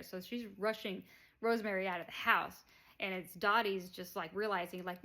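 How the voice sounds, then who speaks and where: A woman's voice: medium pitch, steady tone, normal speed, sharp tone. A woman casually retells a movie plot in a rambling way. She leans on fillers and chuckles now and then. It sounds unscripted and easygoing. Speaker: movie reviewer.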